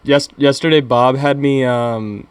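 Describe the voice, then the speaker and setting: A young man in casual, crude podcast banter. His pitch sits in the middle range and his telling wanders, full of fillers and restarts. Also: steady tone, slight background noise. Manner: rambling, halting with many fillers and restarts. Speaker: podcast co-host.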